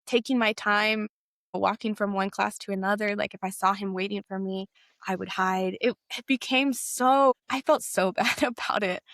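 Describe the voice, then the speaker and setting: A woman's voice: mid-range voice, a bit bright, no room sound, clean studio sound. A young adult woman sharing a personal story in a candid, hesitant way, with frequent fillers and self-corrections.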